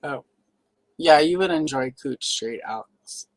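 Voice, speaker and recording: Animated man telling stories, dry sound. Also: fairly high pitch, a little slow, dry recording. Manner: animated storyteller who acts out quoted voices. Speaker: guest on a live stream. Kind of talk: casual chat, telling workplace stories. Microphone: live stream microphone.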